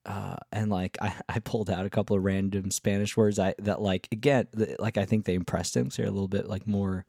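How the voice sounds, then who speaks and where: Rambling low-voiced man telling a story. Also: fairly even intonation, a little fast, creaky, dark tone, dry recording, studio quality. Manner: rambling, filler-heavy, swears freely. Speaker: travel vlogger. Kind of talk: casual storytelling.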